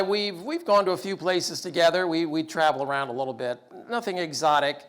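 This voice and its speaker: High-voiced man telling funny stories. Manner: animated, acts out dialogue in raised voice. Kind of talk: humorous storytelling talk.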